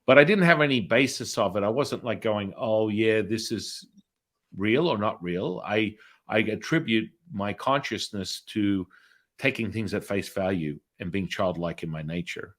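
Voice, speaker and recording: A man's voice: fairly low pitch, expressive, moderate pace. A middle-aged man, a spiritual healer, telling a story in a casual interview and acting out the voices of people in it.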